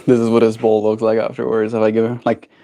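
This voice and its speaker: A young man streaming casually from home, chatting and slipping into high sing-song baby talk with his pet bird. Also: completely flat delivery, fast, mellow. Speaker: daily livestreamer. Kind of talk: casual chat. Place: home, indoors.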